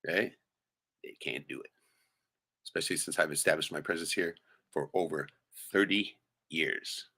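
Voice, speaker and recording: A man's voice: a bass voice, normal speed, gravelly, pushed and bright, breathy edge. A middle-aged man ranting late at night on his live stream, profane and rambling, tagging nearly every point with "right?".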